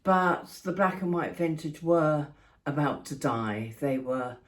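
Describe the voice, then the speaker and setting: A woman's voice: sits low, expressive, takes it slowly. An older woman from England chatting casually to her phone camera, rambling and affectionate, walking about outdoors and at home. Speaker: vlogger.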